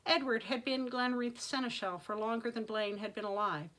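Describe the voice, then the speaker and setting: A woman author reading her own fantasy novel aloud with dramatic, expressive narration. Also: a little high, moderate pace, rough recording. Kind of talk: audiobook-style fantasy reading.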